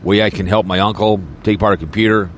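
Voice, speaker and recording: A man's voice: on the low side, fairly even intonation, quick pace, a little hiss or hum. A man podcaster in a rambling, crude and mocking casual rant, talking from a car. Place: in a car, snowy weather.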